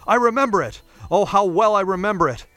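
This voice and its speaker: A man's voice: normal speed, pushed and bright, no echo, soft background music. A man reading aloud, voicing an anguished older male painter who pleads and exclaims in a raised voice. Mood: horrified. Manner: high, urgent, exclaiming.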